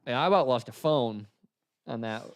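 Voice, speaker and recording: A man's voice: medium pitch, expressive, normal speed, smooth, no room sound. A tired man co-hosting a casual talk stream, offhand and joking. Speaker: podcast co-host. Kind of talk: casual chat.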